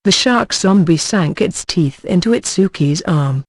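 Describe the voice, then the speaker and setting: Flat, dry audiobook narrator voice. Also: medium pitch, measured pace, no room sound. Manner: flat, even reading with sound effects spelled out letter by letter. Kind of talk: scripted narration of a light novel.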